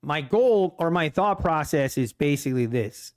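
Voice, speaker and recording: Man, livestream trader, rambling self-deprecating chat, slightly high smooth voice. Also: moderate pace. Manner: relaxed, rambling, self-deprecating, chuckles often. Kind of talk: casual live-stream chat.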